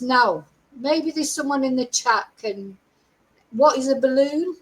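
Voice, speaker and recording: Poor audio captures a high-voiced middle-aged woman talking at a measured pace as she hosts a true crime livestream. She's chatty and clearly exasperated, breaking into laughs between remarks.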